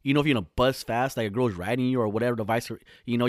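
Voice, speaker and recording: A man spins a comic story for his podcast, cursing constantly and doubling back on himself as he talks. His voice sits in an ordinary middle pitch. It is recorded close and dry, with no room echo. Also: rapid-fire. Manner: rambling, heavy swearing, frequent restarts. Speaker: podcast host. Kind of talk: casual comedic storytelling. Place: lives in Southern California.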